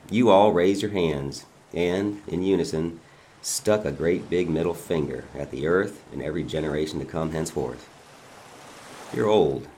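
A man reading a dramatic monologue as a father who calmly taunts a bound governor, his manner quiet, mocking and menacing. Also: deep voice.

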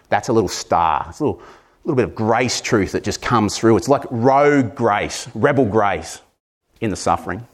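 A man's voice: lowish voice, lively intonation, normal speed. A man with an Australian accent preaching a sermon in an earnest manner that builds to emphatic passages.

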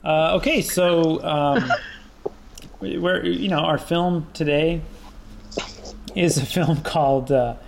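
Male podcast host, gravelly, slightly high-pitched, loose and rambling, noisy room. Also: takes it slowly, pauses often. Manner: laughs often, loose and rambling. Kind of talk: casual chat. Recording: background noise.

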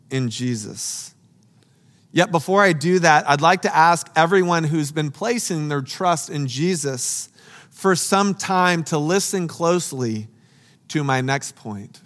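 A man preaching a sermon, speaking slowly and earnestly with emphatic, dramatic pauses. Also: a little high, fairly bright tone, long reverb tail.

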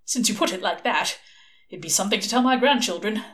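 A woman's voice: mid-range voice, animated, fairly quick, fairly bright tone, natural voice. Fussy chatty male clerk, middle-aged, eager and rambling, voiced by a woman reader. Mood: excited.

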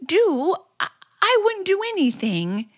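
A woman's voice: very high-pitched, wildly swooping pitch, measured pace, heavily acted. An actress playing a nervous, confused young woman who pleads and stammers, in an old radio play. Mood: frightened. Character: frightened young woman Dory, clinging and confused. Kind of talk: 1940s radio acting.

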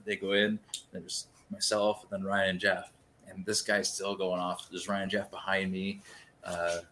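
A man's voice: deep voice, slight background noise. A man casually telling a long story, rambling and swearing freely as he acts out the scene. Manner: rambling, profane, lively retelling.

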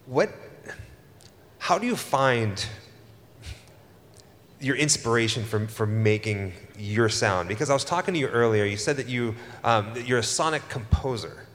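A man moderating a convention panel, asking long, halting questions with fan enthusiasm. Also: medium pitch, lively intonation, a bit bright. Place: large convention stage hall. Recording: reverberant hall, faint noise.

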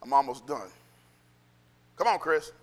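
A male pastor preaching a sermon in an animated, conversational way that swings into shouting. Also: mid-range voice, unhurried, in a large hall.

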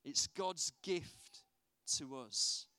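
A preacher with a voice on the high side speaks very slowly, with no echo. He tells animated stories during his sermon and poses rhetorical questions to the congregation.

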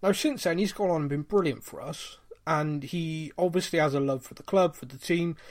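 Young West Country man, slightly higher pitched, co-hosting a podcast with a jokey, chatty delivery. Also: normal speed, darkish tone. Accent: West Country English. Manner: chatty, jokey, reads out listener questions. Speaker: podcast co-host. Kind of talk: casual podcast chat.

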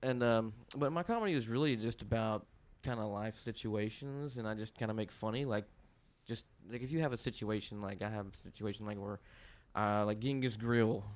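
A man with a deep Texas accent chatting as a podcast guest, telling funny stories and laughing often. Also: brisk, hardly any pauses. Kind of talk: casual chat.

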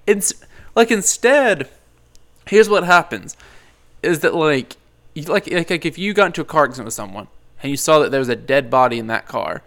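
A man's voice: a little high, lively intonation, normal speed, fairly bright tone. A man chatting casually about a movie, rambling with lots of fillers and jokes. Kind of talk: casual movie review chat.

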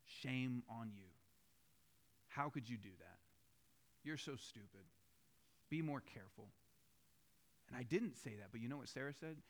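A man's voice: medium pitch, unhurried, pauses often. A man in his thirties, a pastor preaching a sermon in a church with a casual, storytelling, conversational manner.

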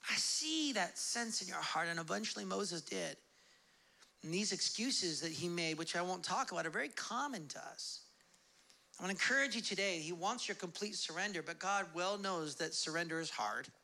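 A man preaching a sermon as pastor, casual and animated, acting out the voices of God and his listeners. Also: high voice, moderate pace, creaky. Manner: casual, conversational preaching with fillers.

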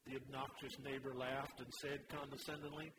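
A man preaching a sermon as pastor, emphatic and animated, mixing scripture with humorous stories. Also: medium pitch, normal speed, background noise.

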